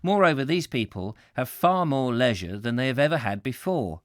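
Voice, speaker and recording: Guy reading a book on a livestream, middle pitch, dry sound, chats with viewers and laughs when he trips on words. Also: lively intonation, moderate pace, no room sound. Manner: chatty, laughs at his own slips and stumbles over words. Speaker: host reading a book aloud. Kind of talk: live-streamed book reading with chat asides.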